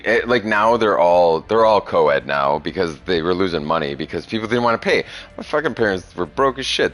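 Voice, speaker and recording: A man's voice: fairly low pitch, fairly bright tone. A young man streaming, chatting casually with a young viewer, crude and profane, rambling and laughing often. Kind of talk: casual chat.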